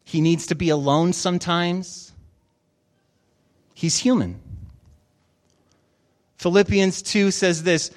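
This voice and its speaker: A male pastor delivering a sermon with a high, light voice. He tells the stories in an animated way and slips into the voices of the characters. He preaches in a church. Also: slow pace, pauses often. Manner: animated storytelling with acted-out voices.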